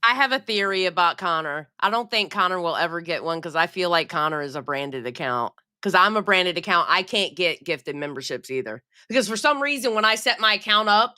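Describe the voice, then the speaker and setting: A woman's voice: medium pitch, sharp tone. A woman guest on a casual podcast, talking plainly and encouraging the hosts.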